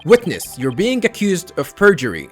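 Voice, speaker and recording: Man voicing an earnest defense attorney, firm, accusing, lively pitch. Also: normal speed, faint music behind.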